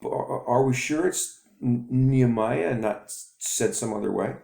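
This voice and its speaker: A man's voice: medium pitch, gravelly, mellow, pitched above the performer's own voice, close to an everyday voice. A man voicing a shy young boy who stutters and stumbles over his own name. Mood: anxious. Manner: halting stutter. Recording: echoey room.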